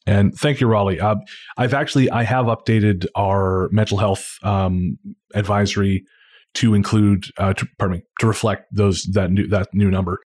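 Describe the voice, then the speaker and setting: A man co-hosting a podcast, casually reading listener letters aloud in a relaxed, halting way with frequent fillers. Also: on the low side. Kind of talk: casual chat.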